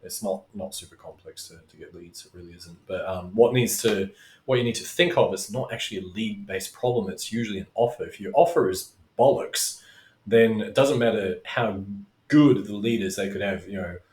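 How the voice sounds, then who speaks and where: In a casual talking-head video lesson, a middle-aged man teaches as a business coach, rambling, going off on tangents and swearing. He speaks at a moderate pace in a fairly low, darkish voice, and the recording has a roomy echo.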